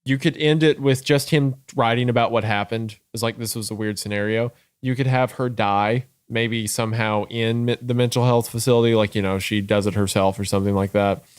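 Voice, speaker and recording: A man's voice: mid-range voice, steady tone, brisk, few pauses, smooth, no room sound. A young man co-hosting a podcast, thinking aloud in casual discussion with fillers and restarts. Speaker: podcast co-host.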